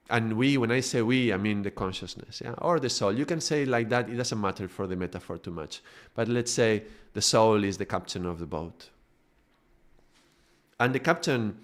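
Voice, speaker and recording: A spiritual teacher, a chatty man with a lowish voice, gives an informal spiritual lesson. He talks conversationally, restarts sentences, and keeps tossing in tag questions.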